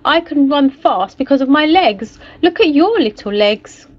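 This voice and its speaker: A proud gazelle, played by a woman in a storybook, condescending and pitying. The voice is high and lively, and the sound is dull and lo-fi. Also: measured pace.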